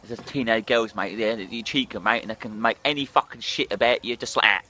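A man's voice: fairly low pitch, a little fast, pushed and bright, a little hiss or hum. Hungover man ranting sharply. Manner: swearing, blunt, rambling. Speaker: drinking vlogger. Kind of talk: ranting vlog monologue.

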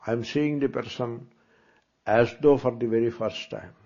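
A man's voice: medium pitch, fairly even intonation, normal speed, vocal fry, a little mellow. Indian guru guy lecturing a class, chatty, asks "eh?" a lot, muffled lo-fi recording. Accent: Indian English. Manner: conversational lecturing with rhetorical asks and Hindi asides. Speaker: spiritual teacher. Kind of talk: Vedanta discourse. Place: lecture hall in front of students.

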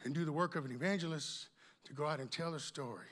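High, bright, exuberant male preacher. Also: fast. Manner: exuberant, animated preaching with calls to the crowd. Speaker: pastor. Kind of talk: conference sermon.

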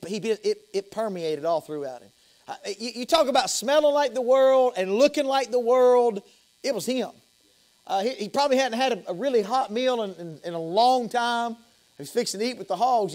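A man's voice: very high voice, animated, brisk, a little mellow. A man with a Southern US accent preaching an evening sermon as pastor, impassioned, repeating and restarting phrases. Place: church sanctuary.

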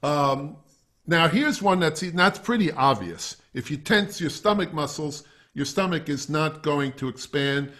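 A man's voice: on the high side, lively intonation, measured pace, pushed and bright. A middle-aged man giving a masterclass on breathing for wind players, talking casually to the class and walking them through exercises. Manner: conversational, talks to a class and has them try breathing exercises. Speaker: wind instrument teacher. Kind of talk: masterclass lecture.

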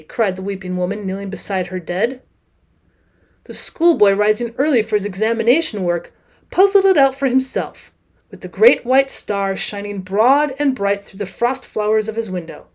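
A woman teacher narrating a classic short story as an audiobook, with measured, expressive pacing and dramatic pauses. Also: medium pitch. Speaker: teacher reading aloud.

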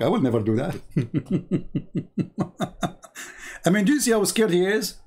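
A man's voice: high voice, big pitch swings, slow, long pauses, a little mellow, husky. A man hosting a live stream, mocking and laughing in broken English as he comments on a video. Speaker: livestream host.

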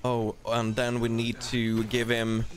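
A man hosting a casual co-op gameplay video, chatty and quick to exclaim. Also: mid-range voice, monotone, crowd noise. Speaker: gaming channel host.

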